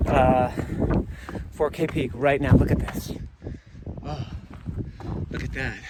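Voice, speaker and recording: A man's voice: mid-range voice, little pitch movement, slow. A man hiking outdoors on a mountain trail, talking into a camera he carries, earnest and upbeat, a bit out of breath from climbing. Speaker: hiker vlogging on the trail. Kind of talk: casual vlog while hiking. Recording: loud outdoor noise behind the voice.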